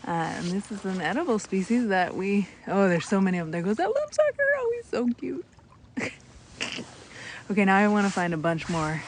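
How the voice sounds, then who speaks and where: A woman's voice: mid-range voice, moderate pace, slight background noise. Bubbly woman guiding a night beach walk. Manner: bubbly and excitable, gushing over sea creatures. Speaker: naturalist guide on a live stream. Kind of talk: live-streamed nature walk commentary.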